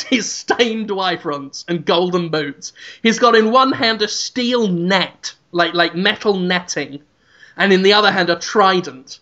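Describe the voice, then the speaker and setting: High-voiced man spinning a comic tale. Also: highs cut off. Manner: animated, rambling storyteller. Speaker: podcast co-host. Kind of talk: comedic storytelling on a podcast.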